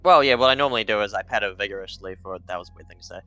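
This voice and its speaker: A man chatting at a game table, telling a story in a measured, wry way. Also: lowish voice, crowd noise. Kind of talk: casual table chat.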